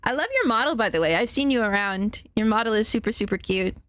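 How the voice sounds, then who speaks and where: A woman's voice: on the high side, lively intonation, fast talker, a bit bright, dry recording, clean studio sound. A young adult woman streaming live, casually chatting, reading chat aloud and thanking viewers, with the odd swear. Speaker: vtuber streamer.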